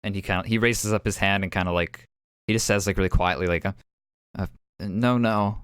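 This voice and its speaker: A man's voice: sits low, fairly even intonation, quick pace, fairly bright tone, clear, resonant tone, no room sound, clean studio sound. A man running a tabletop game as game master, narrating in a rambling, hesitant way full of fillers.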